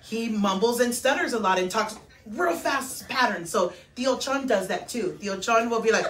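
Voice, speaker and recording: Bright, high Tex-Mex comedian, animated, echoey far mic. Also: female voice, normal speed. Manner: animated, laughing storyteller, slips into Spanish. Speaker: comedian guest. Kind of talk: casual chat.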